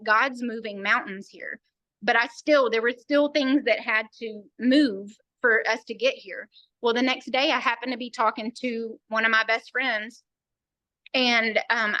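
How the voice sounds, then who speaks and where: A woman tells a long personal story with earnest feeling, slipping into the voices of the people she quotes. Her voice is bright and fairly high. The sound is dry and close. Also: no echo, rough recording. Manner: earnest storytelling, quoting others. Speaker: team member sharing a story. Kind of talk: personal testimony on a team call.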